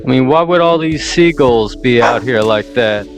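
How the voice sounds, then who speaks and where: A man's voice: mid-range voice, expressive, normal speed, over music. A man musing in a puzzled, casual way in a vlog.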